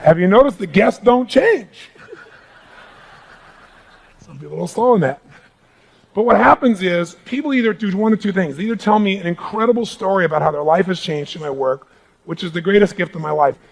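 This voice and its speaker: Man, motivational speaker, emphatic, audience call-and-response, high pitch, crowd in a large room. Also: fairly quick, vocal fry, pauses often. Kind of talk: live motivational seminar talk.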